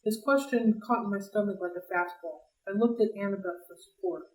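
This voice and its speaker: A woman reading a novel aloud for a library read-along, in a lively, expressive way. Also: mid-range voice, fairly quick. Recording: roomy, distant mic.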